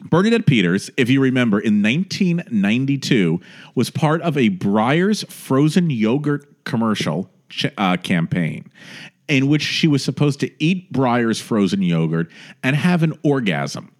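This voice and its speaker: A man hosting a podcast, telling stories in a playful, animated way. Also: medium pitch, unhurried. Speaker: podcast host. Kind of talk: casual podcast chat.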